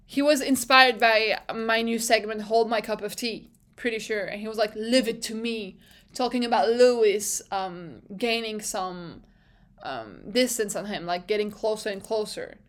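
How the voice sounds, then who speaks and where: A young woman hosting a casual podcast recap, chatty and excitable, swearing freely and often restarting her phrases. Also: mid-range voice, normal speed. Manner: self-interrupting, restarts phrases. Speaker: podcast host.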